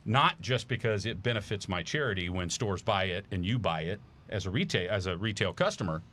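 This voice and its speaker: A man's voice: fairly low pitch, expressive, brisk, fairly bright tone, a little hiss or hum. A man talking casually on a podcast as a guest, telling an enthusiastic story with lots of fillers. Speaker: charity founder guest.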